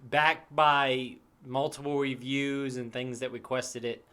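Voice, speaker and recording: A man's voice: medium pitch, flat delivery, slow pace, bright, forceful tone. A man in his thirties co-hosting a podcast, chatting casually and animatedly, swearing freely and laughing as he tells stories. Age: 30s. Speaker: podcast co-host. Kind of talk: casual chat.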